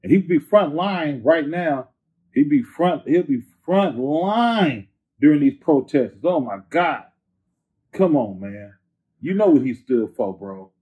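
A man's voice: fairly high pitch, animated, takes it slowly, slightly rough. A man being interviewed who talks in a laid-back, slangy way, full of "you know what I'm saying". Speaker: interview guest, rapper. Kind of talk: casual interview storytelling. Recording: phone-like narrow band.

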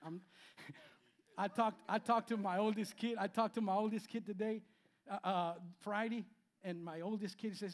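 A pastor in his fifties preaches with a high voice for a man. He swings between loud, emphatic lines and quiet asides, and he repeats key phrases as he goes. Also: steady tone, moderate pace. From Spanish-speaking background. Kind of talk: sermon. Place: church sanctuary.

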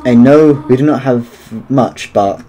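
A man voicing a gentle, motherly female goat monster who speaks softly and sadly. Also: medium pitch, slow pace, slight background noise, lightly acted, rough recording. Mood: tender pleading. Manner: soft, sorrowful, pleading.

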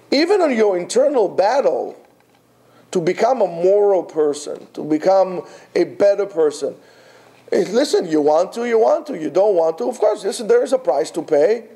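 Brief: male Torah teacher, a little high-pitched, mellow, emphatic with rhetorical questions. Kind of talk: Torah class lecture.

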